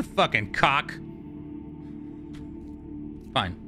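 A man giving casual gameplay commentary, excitable and profane, joking with the characters he meets. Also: mid-range voice, slow, pauses often, over music. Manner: excitable, profane, jokey, talks to game characters. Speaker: gamer streamer. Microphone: studio microphone.

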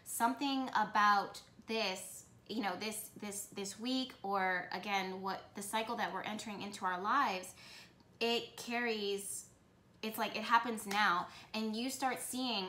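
A woman giving a tarot reading for her channel, talking with excitement and often breaking off to correct herself. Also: medium pitch, measured pace, roomy sound, slight background noise. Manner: excited, rambling, self-correcting. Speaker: tarot reader.

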